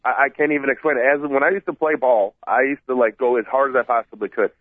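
A man co-hosting a sports talk show by phone, stuffed up, rambling and excitable, often repeating himself. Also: medium pitch, quick pace, no room sound. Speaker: sports radio co-host calling in. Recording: tinny phone line, dry.

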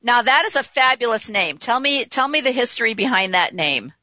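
Bright, effusive woman radio host. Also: fairly high pitch, expressive, brisk, dry recording, muffled recording. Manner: effusive, rambling. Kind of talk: internet radio talk show.

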